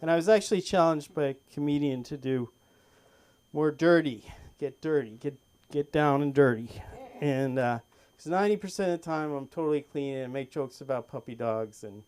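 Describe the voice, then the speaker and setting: A man starting a stand-up set on a comedy club stage, self-deprecating about his rough notes. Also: a little high, moderate pace, darkish tone. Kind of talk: stand-up set at an open mic.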